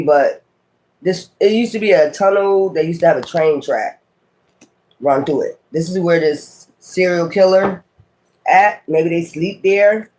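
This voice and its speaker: A man, giving a casual tarot reading, musing aloud with sudden exclamatory asides. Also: on the high side. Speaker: tarot reader.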